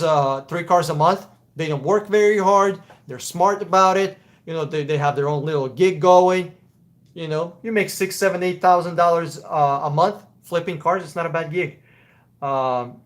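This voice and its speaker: A man's voice: fairly high pitch, normal speed. A man with a Russian accent hosting a casual live Q&A stream, answering chat questions in a blunt, profane, opinionated way. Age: adult.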